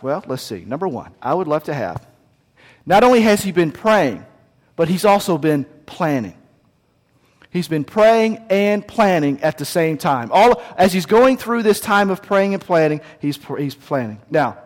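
A man's voice: sits high, long reverb tail. A man preaching a sermon as pastor, in a conversational, folksy storytelling manner with frequent restarts.

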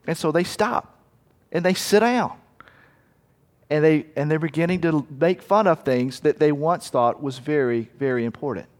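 A man's voice: a little high, moderate pace. A male pastor preaching a sermon in an earnest, storytelling way, often restarting his phrases, in a church hall.

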